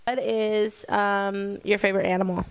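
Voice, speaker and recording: A woman's voice: mid-range voice, flat delivery, normal speed, clear, resonant tone, rough recording. A young adult woman interviewing a small child in a teasing, patient way, laughing often. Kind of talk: playful casual chat with a child.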